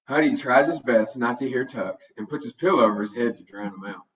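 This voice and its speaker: Guy reading a kids storybook, middle pitch, sounds far and kinda muffled. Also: a little fast. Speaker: storybook reader. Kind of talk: children's storybook narration. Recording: dull, distant home recording.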